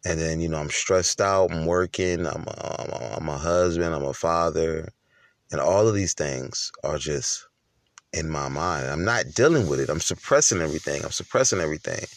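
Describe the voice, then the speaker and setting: A man with a very low voice recounts his own story candidly in a loose, conversational monologue, often restarting his sentences. The sound is dry and close. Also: normal speed, no room sound. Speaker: husband and father.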